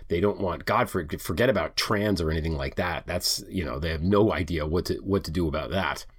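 Husky and low-pitched, this middle-aged man talks a little fast as he hosts his podcast. He rants heatedly with plenty of swearing, then shifts to casual conversation, staying animated and profane.

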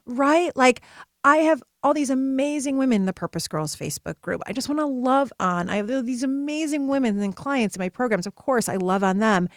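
This podcast host, a woman in her thirties, speaks fairly quickly in a mid-range voice, captured with studio quality and no room sound. She delivers a chatty, enthusiastic motivational monologue peppered with asides.

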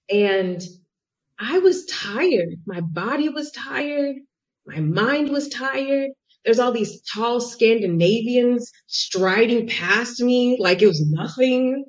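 A young American woman telling a travel story in a podcast interview, chatty and animated, full of "like" and acted-out quotes. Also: mid-range voice. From United States. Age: young adult. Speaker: guest. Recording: muffled lo-fi audio.

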